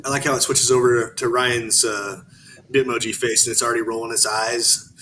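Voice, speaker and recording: Teasing man with a lively voice. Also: mid-range voice. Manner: teasing, lively, laughs easily. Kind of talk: casual podcast banter. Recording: background noise.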